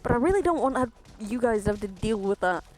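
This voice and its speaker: A woman's voice: a little high, expressive, fast talker, over music. Exasperated swearing woman streaming a game. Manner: exasperated, swearing, self-mocking. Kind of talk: casual gaming stream chat. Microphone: close headset mic near her face. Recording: audible breathing on a close mic.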